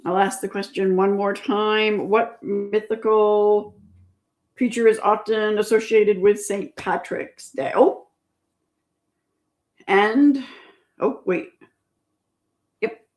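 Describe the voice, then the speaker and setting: Slow, patient woman livestream host. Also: medium pitch, fairly even intonation, darkish tone. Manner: patient, repeats each question and reads out viewers' answers. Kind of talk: casual livestream trivia chat.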